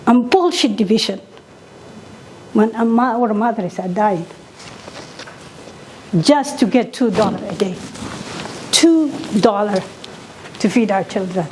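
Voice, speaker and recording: A woman's voice: medium pitch, slow, long pauses, darkish tone, a little hiss or hum. A middle-aged woman physician from Somalia, giving an impassioned conference talk and repeating key points for weight.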